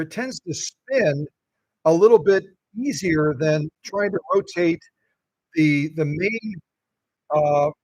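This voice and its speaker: A middle-aged man with a gravelly voice, hosting a casual sewing machine demonstration and playfully quizzing his viewers. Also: high voice, no echo, low-quality recording. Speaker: sewing machine restorer and channel host.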